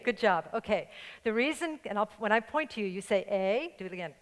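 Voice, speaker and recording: An older woman pastor with a slight New York accent delivers a playful, joking sermon, her medium-pitched voice animated and quick as she laughs along with the congregation. The church sanctuary gives the recording a long, hall-like reverb.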